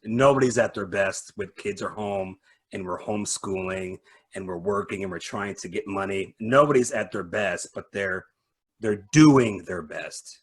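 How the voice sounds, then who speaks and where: A man co-hosting a business podcast over a video call, a small business owner who speaks haltingly with many fillers. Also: low-pitched, breathy edge. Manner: warmly appreciative, halting with fillers. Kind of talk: casual podcast interview.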